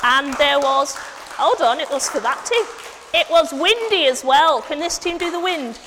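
A woman's voice: sits high, animated, measured pace, crowd noise. A woman leading an interactive children's Bible story, coaxing the children to act along in a church hall. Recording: long hall reverb, faint noise.

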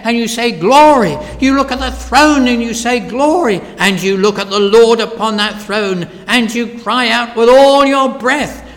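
High, gravelly preacher in a reverberant hall. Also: male voice. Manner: dramatic swings from hushed to loud, slow and emphatic. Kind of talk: sermon. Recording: long reverb of a large hall.

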